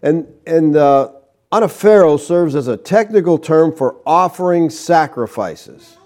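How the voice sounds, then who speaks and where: A man preaching an expository sermon, reading scripture aloud in a measured teaching delivery with emphatic stresses on key words. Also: fairly high pitch, lively intonation, darkish tone.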